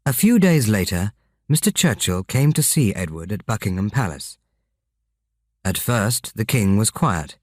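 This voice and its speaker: A male narrator reading a simple story for learners, taking it slowly and clearly. His voice sits low, and the recording is close and completely dry. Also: very animated, darkish tone, dry recording. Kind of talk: graded-reader audiobook narration.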